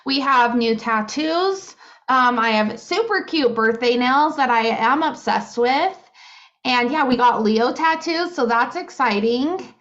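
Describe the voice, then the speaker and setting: A woman's voice: a little high, fairly bright tone. Bubbly 30s woman chatting on a podcast, lots of "like", kinda muffled audio. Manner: chatty, giggly, lots of fillers. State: hiccups. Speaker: podcast co-host. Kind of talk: casual chat.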